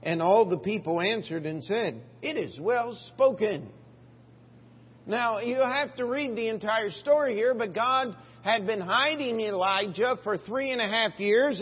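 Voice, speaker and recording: A male pastor preaching a sermon, retelling a Bible story in a folksy, animated way and acting out the voices. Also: extremely high pitch, husky. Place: church sanctuary. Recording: dull lo-fi church recording with long reverb.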